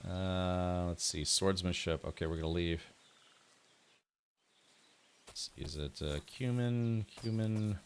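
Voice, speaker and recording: Chatty low-voiced male game streamer. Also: takes it slowly, pauses often, a little hiss or hum. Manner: chatty, thinks aloud, answers chat. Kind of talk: casual gameplay commentary.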